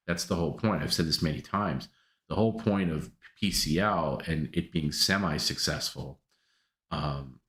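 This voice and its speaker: A man's voice: low voice, a bit bright, roomy sound. A man hosting a live stream, casually answering viewer comments in a rambling way with many restarts.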